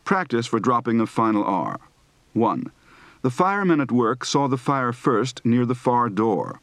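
A man reading drills slowly and deliberately. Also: mid-range voice, animated, a bit bright, dry recording. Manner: precise, deliberate, over-enunciated. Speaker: speech teacher. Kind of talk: slow accent drill, reading word lists.

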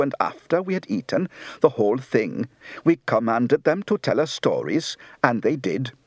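A man's voice: medium pitch, no room sound. Dialect coach, male, Welsh accent drills, lilting up-and-down melody, dry close sound. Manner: sing-song falling and rising lilt.

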